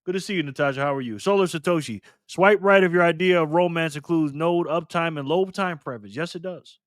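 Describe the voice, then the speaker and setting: A man's voice: a little high, brisk, dry recording, studio quality. A man hosting a casual live stream, joking and chatty as he reads donations and chat messages aloud. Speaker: livestream host.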